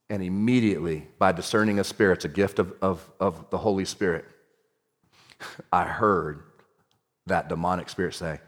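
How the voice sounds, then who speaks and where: A male pastor telling a story in a sermon, swinging between hushed storytelling and shouting. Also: on the low side, normal speed, big-room sound.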